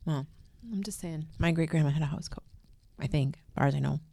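Relaxed woman in casual podcast chat. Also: low-pitched, brisk, creaky, no echo. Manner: relaxed, matter-of-fact, explaining. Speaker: podcast co-host. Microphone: desk microphone.

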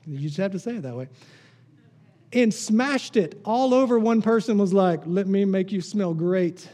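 A male pastor delivers a sermon in a fairly high, mellow voice with a husky edge. He leans on rhetorical questions, pushing some lines up emphatically and letting others sink low and quiet. The tone stays warm rather than bright. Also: animated, moderate pace. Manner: rhetorical questions, rising to emphatic peaks then dropping low.

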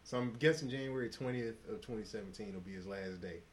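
A man's voice: lowish voice, fast, a little hiss or hum. A man co-hosting a podcast in casual chat, trading profane jokes and breaking into laughter. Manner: profane, joking banter with bursts of laughter. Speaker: podcast co-host.

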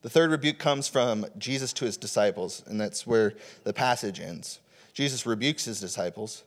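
A man's voice: mid-range voice, moderate pace. A young man gives a sermon in an easy, conversational tone. He often stops for fillers and restarts his sentences as he talks the passage through. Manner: conversational, casual preaching with many fillers. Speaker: preacher.

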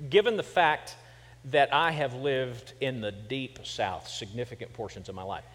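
A man's voice: medium pitch, moderate pace, a bit bright, big-room sound. A middle-aged male pastor from Kansas preaching a sermon, telling stories with humor and then pressing his points with emphasis. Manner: conversational storytelling with humor, building to emphatic points. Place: church sanctuary.

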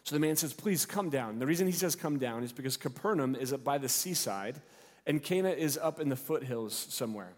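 A man's voice: mid-range voice, lively intonation, brisk. A male pastor preaching a sermon, retelling the story expressively and acting out the characters' lines. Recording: long hall reverb.

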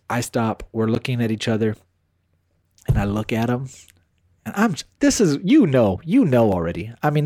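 Animated, profane young man telling a story. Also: on the low side, no room sound, studio quality. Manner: animated, profane, acts out both sides of the story. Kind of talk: casual storytelling chat.

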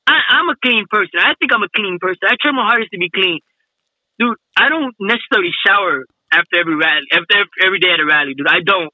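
A man's voice: high voice, quick pace, pushed and bright, no room sound, low-quality recording. A man telling a funny story in casual chat, laughing a lot, slangy and swearing often.

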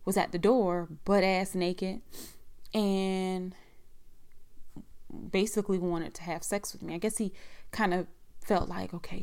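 A woman's voice: medium pitch, a little mellow. A woman telling a personal story in a frank, profane, rambling conversational way.

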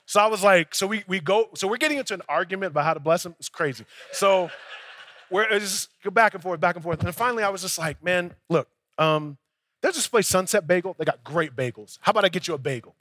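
Man, young adult, pastor, storytelling sermon, high voice, dry close sound. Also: lively intonation, fast talker, bright, forceful tone, dry recording. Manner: conversational storytelling preacher, acts out dialogue.

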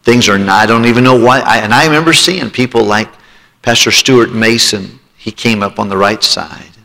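A man's voice: fairly low pitch, moderate pace, gravelly, sharp tone. A man preaching a sermon, telling his own testimony and pleading with listeners to respond. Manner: emotional testimony, rising to pleading altar call. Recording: long hall reverb.

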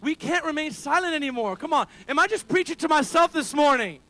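A male pastor preaches a sermon at a church gathering held in a school building, his voice very high, bright, and forceful, expressive and a little fast. In call-and-response style, he asks the congregation for amens and builds to loud, emphatic peaks, rising to shouts.

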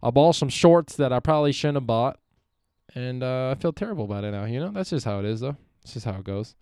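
A man's voice: mid-range voice, lively intonation, fast talker, dark tone, clear, resonant tone, no echo, studio quality. A young man hosting a solo podcast, rambling and swearing freely, often trailing off and restarting. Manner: profane, meandering, self-interrupting. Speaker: podcast host.

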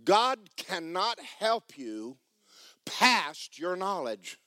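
A pastor preaching in church, his voice sitting fairly high for a man and swinging widely up and down. He hammers his points home with emphatic, homespun humor. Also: sing-song, drawn-out words, bright, forceful tone. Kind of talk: sermon. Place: church sanctuary.

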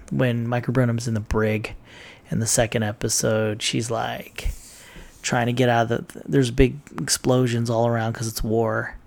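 A man's voice: mid-range voice, gravelly. A man casually recapping TV episodes, rambling and swearing with plenty of ums and uhs. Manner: rambling, profane, lots of fillers. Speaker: TV recap vlogger.

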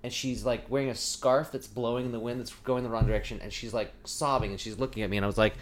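A man's voice: mid-range voice, quick pace, hardly any pauses. Rambling man telling a wild story. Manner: rambling, lots of "like". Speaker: guest. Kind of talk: casual storytelling. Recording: faint background noise.

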